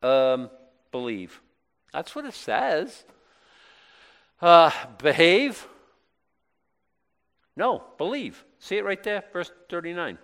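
A man's voice: on the high side, very animated, measured pace, creaky, smooth. Man preaching a conversational sermon. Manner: conversational, rising to emphatic bursts then dropping soft; asks the congregation questions and answers them himself. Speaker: pastor.

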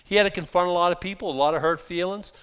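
A middle-aged male pastor preaching a sermon in a conversational, animated way, reading scripture slowly and then paraphrasing it casually, with sudden loud bursts. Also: high-pitched, clear, resonant tone.

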